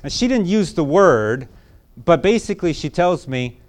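A man's voice: on the high side, sing-song, moderate pace. A man preaching a sermon, telling a folksy personal story in a repetitive, conversational way before turning to emphatic preaching.

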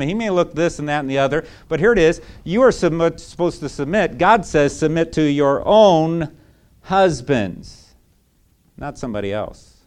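Male preacher, slightly high voice, chatty and emphatic sermon delivery. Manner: emphatic, conversational, repeating rhetorical asides. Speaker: pastor.

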